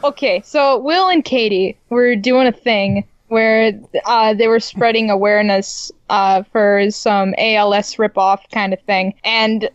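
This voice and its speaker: A woman's voice: fairly high pitch, no room sound, highs cut off. A woman chatting casually as a guest, laughing often and trailing off with fillers. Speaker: podcast guest. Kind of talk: casual chat.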